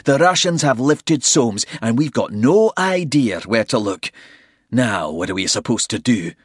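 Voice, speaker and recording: A man doing a gruff, scornful soldier. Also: mid-range voice, moderate pace, no room sound, clean studio sound, pitched above the performer's own voice, natural voice. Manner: curt, scornful. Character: gruff, cynical male soldier.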